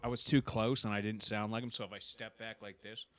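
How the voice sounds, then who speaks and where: A man's voice: lowish voice, flat delivery, a little fast. A man co-hosting a podcast, bantering playfully and laughing often. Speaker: podcast co-host. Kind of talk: casual podcast chat. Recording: noisy podcast recording.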